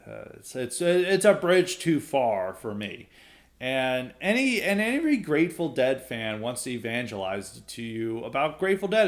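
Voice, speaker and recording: A man's voice: medium pitch, sing-song, moderate pace. A young adult man hosting a solo opinion podcast, sarcastic and blunt, laughing often as he rants. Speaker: podcast host.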